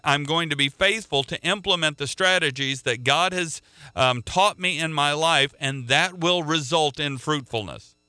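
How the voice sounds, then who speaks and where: A man preaches with earnest conviction and often doubles back on his words mid-thought. His voice is strikingly bright and smooth. The sound is dry and close, with no room around it. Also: on the high side, dry recording. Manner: earnest, repeats words as he restarts. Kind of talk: sermon.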